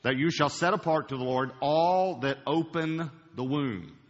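A man preaching a sermon to a church congregation, emphatic, slowing down to stress key words. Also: a little high. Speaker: pastor. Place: large church auditorium. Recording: dull recording with long hall reverb.

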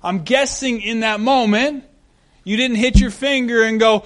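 High-voiced pastor preaching animatedly. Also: male voice, measured pace. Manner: animated, humorous, acts out scenes. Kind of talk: sermon.

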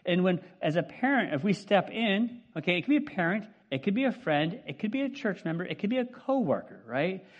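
Chatty high-voiced male pastor, lo-fi. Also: sing-song, brisk, few pauses. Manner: chatty, asks the congregation questions, many fillers. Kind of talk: casual conversational sermon. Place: church hall with congregation.

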